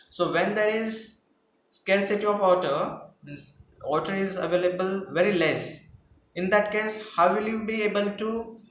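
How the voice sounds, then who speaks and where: A man's voice: sits high, a bit bright. A male teacher, patiently explaining class projects and rephrasing each point. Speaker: English teacher. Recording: echoey room with faint noise.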